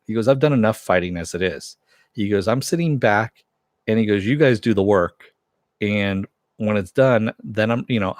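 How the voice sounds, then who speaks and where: A man with a low voice rambles casually through an episode recap, retelling the characters' lines in his own words. He leans on fillers and restarts. The sound is close and dry, with no room in it. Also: no echo. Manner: rambling, many fillers and retold quotes. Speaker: TV show reviewer.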